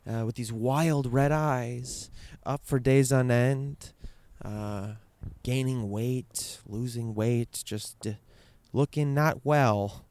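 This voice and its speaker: A man's voice: medium pitch, a little mellow, clean tone, no echo. A man telling a candid personal story, rambling and swearing, with many fillers and restarts.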